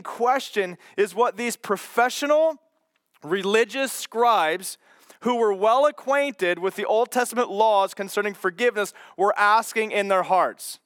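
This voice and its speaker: Guy preaching a sermon, really high voice, slow and expressive, plays the skeptics' lines, dry close mic. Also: no echo.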